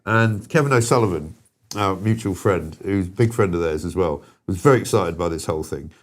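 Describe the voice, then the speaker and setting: A man telling a story on his talk show, his pitch jumping around as he goes. He chuckles at his own anecdote and keeps it casual and chatty. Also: expressive, brisk. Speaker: host.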